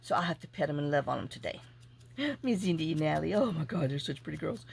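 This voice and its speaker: A woman hosting a crafting vlog, chatting casually and telling a rambling, animated story with asides while she works. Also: low-pitched, fast, gravelly, slight background noise. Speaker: junk journaling channel host.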